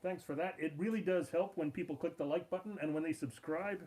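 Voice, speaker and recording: A man co-hosting a casual live stream, throwing in quick side remarks and keeping track of the time from away from the microphone. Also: a little high, a little mellow, rough recording.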